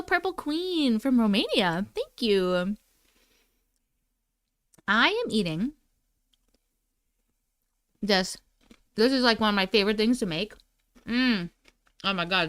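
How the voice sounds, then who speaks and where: A woman's voice: high voice, fairly bright tone, smooth, no echo, studio quality. A woman hosting a casual livestream, greeting chatters by name in a playful, sing-song way while snacking. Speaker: livestream host.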